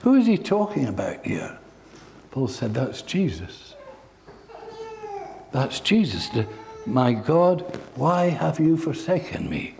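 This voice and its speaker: A man's voice: a little high, sing-song, measured pace, creaky, a little mellow, slight background noise. A man preaching a sermon, telling stories in an earnest, heartfelt way.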